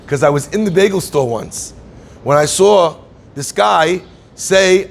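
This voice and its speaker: A male rabbi delivers a Torah class as a lively storyteller, slipping into the voices of the people in his tale. His voice sits a little high and carries a gravelly rasp. A faint noise runs under the recording. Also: normal speed. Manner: storytelling, conversational, acts out quotes.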